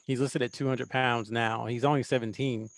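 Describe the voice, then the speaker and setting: Gravelly man chatting on a sports podcast. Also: medium pitch, normal speed, dry recording. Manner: rambling, animated, laughs often. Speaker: podcast co-host, recruiting analyst. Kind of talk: casual sports podcast chat.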